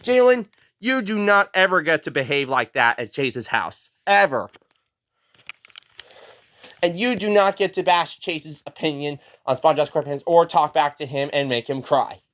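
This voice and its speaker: A man's voice: fairly high pitch, expressive, moderate pace, a bit bright. Strict, scolding mom, as a man puts her on. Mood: lecturing. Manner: scolding, lecturing. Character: strict, furious mother.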